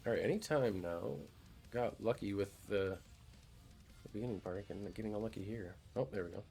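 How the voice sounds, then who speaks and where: A man's voice: lowish voice, normal speed, vocal fry, dark tone, soft background music. A man streaming a game, chatting casually in a laid-back, joking way, swearing freely. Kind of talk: casual gameplay commentary.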